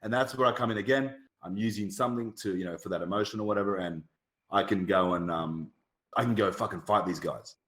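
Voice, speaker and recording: A man on a casual podcast, talking bluntly and with lots of profanity, telling animated stories. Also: lowish voice, fast. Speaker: podcast guest. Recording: roomy echo.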